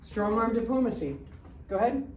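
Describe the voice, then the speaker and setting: Her voice fairly high, expressive, and darkish, a woman in her 60s gives a blunt history lecture, quizzing her students with quick-fire questions. It's recorded in an echoey room from a distant mic, with a little hiss or hum.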